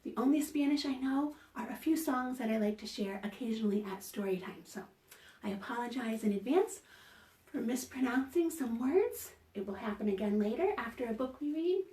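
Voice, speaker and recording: A woman librarian leading an online story time from home, talking slowly and gently in a sing-song, encouraging way to small children. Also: fairly high pitch, expressive. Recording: roomy home video call audio from a distance.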